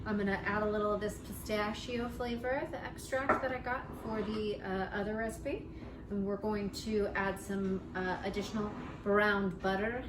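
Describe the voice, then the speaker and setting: A woman hosts her own baking show, chatting brightly and joking with the viewer as she measures and mixes. Her voice sits in an ordinary middle register. The kitchen recording carries clear background noise under everything she says. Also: mid-range voice, fairly even intonation, normal speed. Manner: chatty and playful, talking to the viewer while working. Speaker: home baking show host. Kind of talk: casual cooking demonstration.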